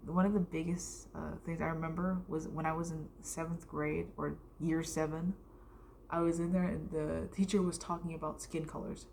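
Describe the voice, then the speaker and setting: A woman's voice: deep voice, level tone, moderate pace, creaky, a little mellow, a little hiss or hum. A young American woman telling a casual storytime vlog, rambling with lots of fillers and the odd whispered aside. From United States.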